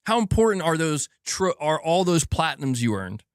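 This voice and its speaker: A man's voice: a little high, very animated, moderate pace, no echo, clean studio sound. Fired-up man ranting about games. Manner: exasperated, swears often, restarts sentences, mocks with put-on quotes. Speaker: gaming channel host. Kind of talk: heated solo rant.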